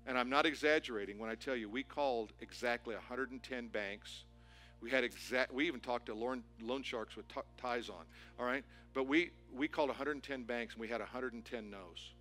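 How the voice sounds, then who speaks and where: A man preaching a sermon as pastor, telling a story with animated, building excitement. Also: medium pitch, brisk, soft background music. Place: church auditorium.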